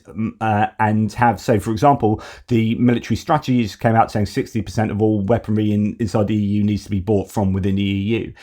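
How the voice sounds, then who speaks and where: A man's voice: medium pitch, warm tone. A man hosting a news commentary show, talking through current events in a conversational, opinionated way as he thinks aloud. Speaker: host of a news commentary channel.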